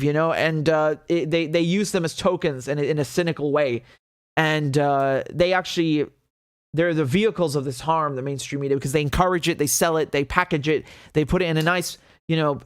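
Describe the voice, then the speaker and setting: Man, commentary show host, indignant, sarcastic, curses a lot, high-ish voice, dry close sound. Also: smooth, dry recording. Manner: indignant, sarcastic, swears freely. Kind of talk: livestream political commentary.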